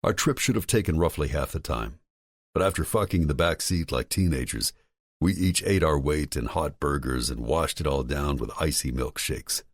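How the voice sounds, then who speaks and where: A man narrating a romance audiobook in the first person, in a relaxed, intimate, expressive way. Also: a bass voice, moderate pace, no echo, clean studio sound.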